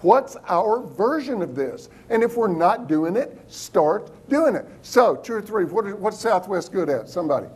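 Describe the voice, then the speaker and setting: High-voiced, lively male business speaker. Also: moderate pace, few pauses, breathy edge. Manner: lively, engaging, questions the audience. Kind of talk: motivational talk to a live audience.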